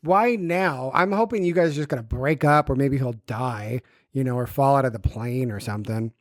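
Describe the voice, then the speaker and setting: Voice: medium pitch, normal speed, no echo, clean studio sound. A podcast co-host venting bluntly in casual chat, with plenty of swearing.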